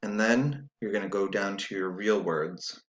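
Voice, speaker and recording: A man's voice: on the low side, unhurried. A man teaching a spelling lesson, dictating sounds and words patiently and spelling letters out one by one. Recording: echoey room.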